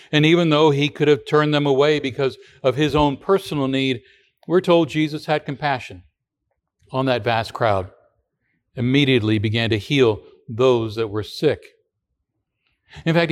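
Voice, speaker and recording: A pastor preaching a sermon to his congregation. His voice sits in an ordinary middle range. He talks in a conversational way, asking rhetorical questions and now and then restarting a word. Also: medium pitch.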